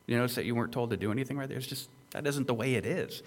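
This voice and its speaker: A man's voice: medium pitch, rapid-fire. A male pastor preaching an expository sermon, emphatic and conversational, with rhetorical questions to the listeners.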